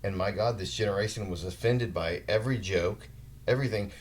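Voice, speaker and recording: A man's voice: fairly low pitch, a little fast, slight background noise. A man in his forties hosting a podcast, telling rambling work anecdotes in casual chat with some mild swearing. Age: 40s. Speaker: podcast host.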